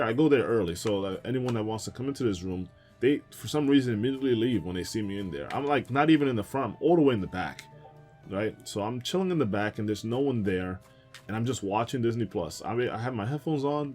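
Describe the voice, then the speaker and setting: A man's voice: mid-range voice, darkish tone. Chatty young male game streamer. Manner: rambling, chatty anecdotes with frequent laughs and fillers. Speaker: gaming streamer. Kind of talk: casual let's-play storytelling.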